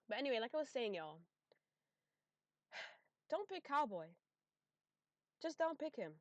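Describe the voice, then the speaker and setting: A woman's voice: sits high, big pitch swings, unhurried, long pauses, no echo. A young woman giving sassy, blunt tier-list commentary on game characters, talking straight to her viewers in slangy casual speech. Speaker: gaming video creator.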